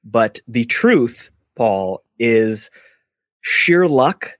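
A man's voice: medium pitch, big pitch swings, drawn-out words, fairly bright tone, no echo, clean studio sound. A man co-hosting a podcast, making jokes in a mock-grumpy way. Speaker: podcast co-host. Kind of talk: casual podcast interview.

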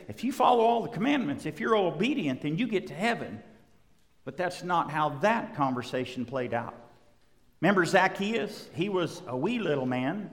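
A male pastor with a high voice delivers an emphatic sermon, driving his points home through repeated rhetorical questions. His voice rings with the long reverb of a large hall. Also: fairly bright tone.

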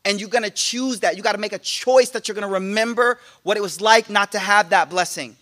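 This man, probably late twenties to thirties, talks fairly quickly in a high voice while delivering a relaxed motivational speech to a crowd. His storytelling is lively and humorous, and he acts out the voices of the people he quotes.

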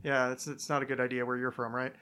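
A man's voice: mid-range voice, flat delivery, quick pace, bright, forceful tone, clean tone. A man hosting a podcast, chatting casually with lots of restarts, stammers and crude jokes. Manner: stammering, laughing, crude joking. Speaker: podcast host.

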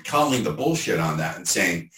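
A man's voice: low voice, very animated, moderate pace, bright, forceful tone, distant mic, slight background noise. A man hosting a podcast who talks enthusiastically and sums up the guest's points in casual interview chat. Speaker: podcast host. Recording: roomy sound, voice off-mic.

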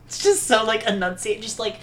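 A woman co-hosting a casual film podcast, animated and laughing often as she acts out lines from a movie. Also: fairly high pitch, a little fast, slight background noise. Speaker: podcast co-host. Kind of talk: casual film discussion chat.

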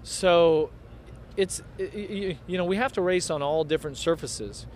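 A man's voice: high voice, normal speed, slight background noise. A middle-aged man, a former motocross racer, rambling through stories in a casual interview outdoors at a race track. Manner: rambling, storytelling.

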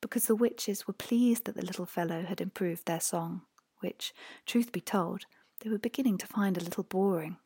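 A woman narrating a fairy tale in a hushed voice that often drops to a whisper. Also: mid-range voice, moderate pace, slightly rough, no echo, studio quality. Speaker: audiobook narrator. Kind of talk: storybook narration.

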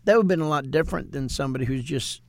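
A man who is a minister, talking in an animated, preachy way in a casual ministry discussion and quoting scripture with emphasis. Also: mid-range voice, racing, vocal fry, no echo, clean studio sound.

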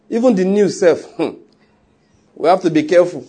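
A man's voice: high-pitched, moderate pace, warm tone, slightly rough. A male pastor preaching a sermon emphatically, with rhetorical questions.

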